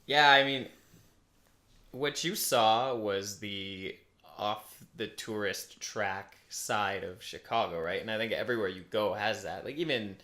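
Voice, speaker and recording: A man with a lowish voice chats on a podcast, speaking slowly with a bright, forward edge to his sound. His tone is relaxed and reflective as he responds to his co-host. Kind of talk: casual chat.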